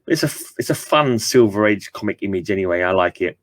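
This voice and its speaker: A man's voice: fairly low pitch, animated, fast, dry recording. A man reading an old comic book aloud and dropping chatty asides to his viewers. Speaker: comic book reader and channel host.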